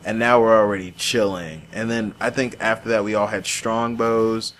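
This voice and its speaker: A man in his twenties with a fairly low voice chats casually with an old friend. He tells stories with lively energy, restarts his sentences often, and swears in passing. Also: normal speed, slight background noise. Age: 20s. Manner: animated storyteller, swears casually, many restarts. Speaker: podcast host.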